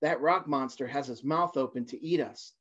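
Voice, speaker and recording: A man voicing a brave young male fish in a storybook reading, earnest and steady. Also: mid-range voice, moderate pace, close to an everyday voice. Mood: determined. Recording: dull lo-fi livestream audio.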